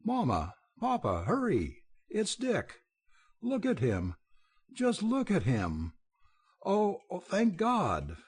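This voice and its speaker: A man doing a high, overjoyed young woman. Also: huge pitch swings, takes it slowly, breathy edge, exaggerated voice. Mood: joyful. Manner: breathless, exclamatory.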